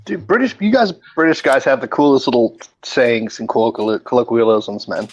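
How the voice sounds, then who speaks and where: A man's voice: medium pitch, normal speed, highs cut off. A man chatting as a guest on a live stream, enthusiastic and slangy, swearing freely. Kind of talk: casual live-stream chat.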